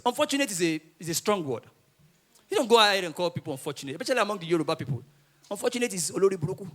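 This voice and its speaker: A man with a Nigerian accent doing live stand-up comedy, telling stories with animated delivery and often laughing through his lines. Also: sits high.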